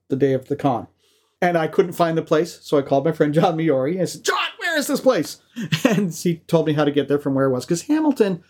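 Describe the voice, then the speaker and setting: A man co-hosting a podcast, telling stories in a lively way with frequent laughs and restarts. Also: a little high. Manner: animated storyteller, laughs often, restarts. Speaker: podcast co-host. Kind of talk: casual chat.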